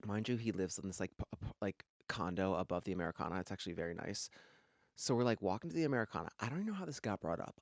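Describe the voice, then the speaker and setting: A man co-hosting a podcast in a studio, an animated storyteller who acts out other people's lines in casual chat. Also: sits low, rapid-fire, dry recording. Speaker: podcast co-host.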